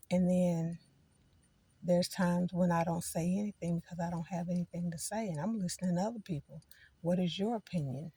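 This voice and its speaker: A woman's voice: lowish voice, darkish tone, slightly rough, dry recording. A middle-aged woman chatting casually to her viewers from a parked car, rambling from one thought to the next. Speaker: vlogger. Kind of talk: casual chat.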